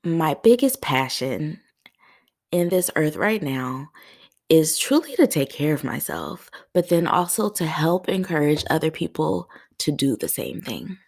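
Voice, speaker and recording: A woman's voice: deep voice, lively intonation, a little slow, a little mellow. A woman hosting a heartfelt solo podcast, talking earnestly to her listeners, choked up at times. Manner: earnest, tearful and laughing through emotion. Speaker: podcast host.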